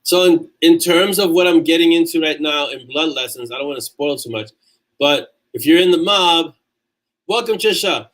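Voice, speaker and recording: His voice is a little high and a bit bright, at a moderate pace, on a rough recording. He's an author from New York hosting a casual livestream, chatting loosely, reading viewers' comments aloud and often restarting sentences.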